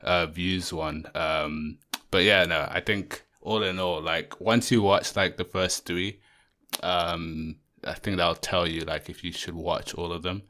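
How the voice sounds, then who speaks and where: Low, bright-voiced man chatting casually. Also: fairly even intonation, unhurried. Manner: rambling, many fillers and restarts. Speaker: podcast co-host. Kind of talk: casual chat.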